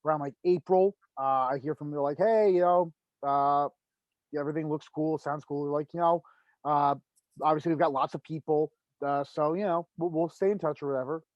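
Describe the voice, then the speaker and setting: A man's voice: fairly high pitch, fairly even intonation, a little fast, no room sound, highs cut off. A young man in his twenties answering interview questions at length, rambling with fillers. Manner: rambling, many fillers and restarts. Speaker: wrestler guest.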